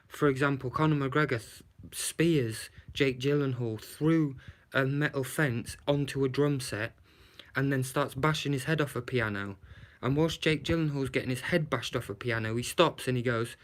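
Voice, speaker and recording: A man rants through a movie review on a handheld phone live stream, swearing freely and firing off rhetorical questions. His voice sits at an ordinary middle pitch for a man. He sounds exasperated as he keeps circling back to what makes no sense. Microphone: handheld phone camera, shaken while talking.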